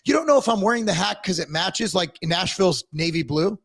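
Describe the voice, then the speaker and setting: A man ranting casually on a podcast livestream, profane and animated as he tells stories. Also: sits high, fairly quick, gravelly. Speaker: podcast co-host. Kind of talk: casual political rant.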